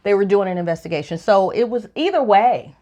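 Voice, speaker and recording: A woman co-hosting a relationship podcast, talking in a lively, opinionated way, her voice jumping up high when she is incredulous. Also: fairly quick. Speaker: podcast co-host. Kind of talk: casual opinion chat.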